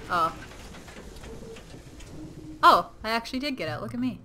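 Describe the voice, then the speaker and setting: A woman gives casual let's-play commentary on a horror game in a very bright, high voice. She talks unhurriedly but swings her pitch wildly, shrieking and swearing at the screen. Faint noise sits behind her. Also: animated, measured pace, long pauses. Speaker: gamer playing a horror game.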